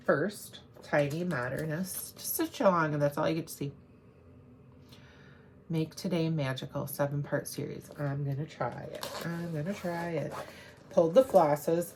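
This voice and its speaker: Low, gravelly-voiced woman rambling chattily. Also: a little mellow, slight background noise. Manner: chatty, rambling, self-correcting. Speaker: cross-stitch vlogger. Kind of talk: casual show-and-tell chat.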